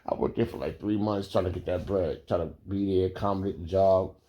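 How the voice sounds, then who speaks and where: A man telling a casual story, animated and profane, laughing often. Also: deep voice, a little fast, muffled recording.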